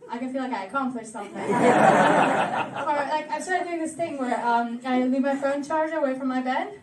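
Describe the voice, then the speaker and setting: A high-pitched young woman with an Argentine Spanish accent works through a stand-up set, delivering deadpan one-liners and laughing at her own jokes. Her voice carries from some distance off the mic in a roomy club. A loud audience laughs and cheers behind her. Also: moderate pace, a crowd in the background, noisy background. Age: 20s. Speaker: stand-up comedian. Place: comedy club stage.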